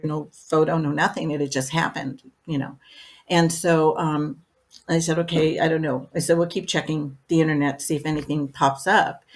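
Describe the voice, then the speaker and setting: A middle-aged woman, a medium and podcast guest, telling her stories in a rambling, chatty way and leaning on "you know" again and again. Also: low voice. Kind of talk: casual storytelling in an interview.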